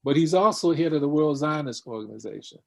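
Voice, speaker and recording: A man's voice: a little high, animated, fast, creaky. A middle-aged man giving a seminar lecture, often putting questions to his students and repeating key words, with frequent fillers.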